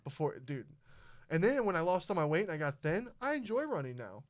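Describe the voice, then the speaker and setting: A man's voice: a little high, fairly quick. A young man hosting a podcast, telling a story in a casual, profane way and acting out the people in it. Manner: profane, animated storyteller who acts out quotes. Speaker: podcast host.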